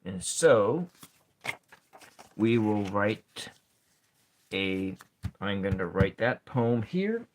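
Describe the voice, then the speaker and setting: A man giving a soft-spoken ASMR lesson at his writing desk, thinking aloud as he counts syllables and spells out words. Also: fairly low pitch, very animated, very slow, long pauses, slight background noise. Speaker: ASMR poetry teacher. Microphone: camera set over his desk.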